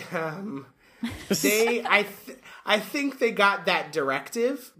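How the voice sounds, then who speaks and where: A podcast co-host in casual chat, rambling and animated, full of fillers. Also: medium pitch, takes it slowly, a little hiss or hum.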